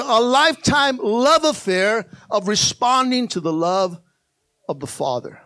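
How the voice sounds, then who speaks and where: A male pastor delivering a passionate sermon, swinging from soft asides to loud, fervent climaxes. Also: high-pitched, dry recording, clean studio sound.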